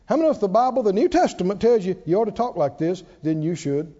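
A man's voice: high-pitched, very animated, quick pace, dark tone. A man preaching a sermon to a congregation, who prompts them to answer and repeat lines after him. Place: church hall. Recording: dull sound in a hall with long reverb.

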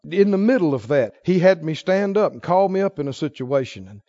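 A middle-aged male pastor preaching a sermon, moving between quiet emotional storytelling and forceful exhortation. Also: fairly high pitch, big pitch swings, a little fast, no echo, muffled recording.

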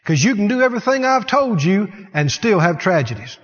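A man preaching a sermon in an animated way, shouting and laughing as he mimics scenes. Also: high voice, fairly quick, slightly rough. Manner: animated, mocking voices, laughing at the devil. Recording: dull sound with long hall reverb.

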